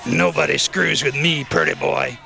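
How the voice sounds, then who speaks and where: A man's voice: on the high side, normal speed, creaky. A man voicing a brutal, hulking male biker leader with a snarling, maniacal manner, in an audiobook. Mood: menacing.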